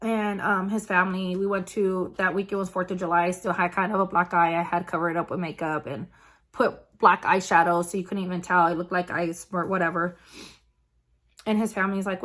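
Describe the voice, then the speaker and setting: A woman vlogger telling a personal story in a casual, halting way, with many fillers and restarts. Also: fairly low pitch, steady tone, a bit bright.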